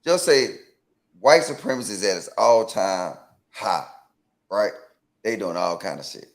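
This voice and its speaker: A man's voice: lowish voice, measured pace. Atlanta guy on a call-in show, keeps asking "right?", stumbles and restarts when he gets going. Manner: animated, asks pointed questions, repeats "right?"; stammers and restarts. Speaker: co-host. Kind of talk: call-in talk show debate.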